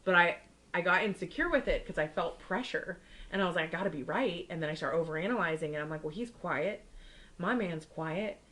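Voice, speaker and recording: Heard on a low-quality recording, this young podcast co-host is a fast talker with lively intonation and a slightly bright voice. Her casual chat is full of stories in which she performs other people's words with big pitch jumps.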